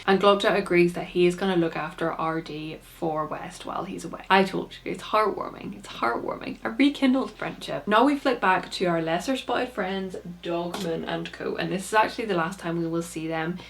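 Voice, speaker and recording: A woman's voice: on the low side, moderate pace, few pauses. A young woman chatting casually through a plot recap, peppering her talk with "like". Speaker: book reviewer.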